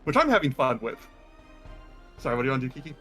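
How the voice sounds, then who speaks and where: A man running a tabletop game as game master, talking in a relaxed, rambling way with lots of ums. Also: medium pitch, quick pace, soft background music.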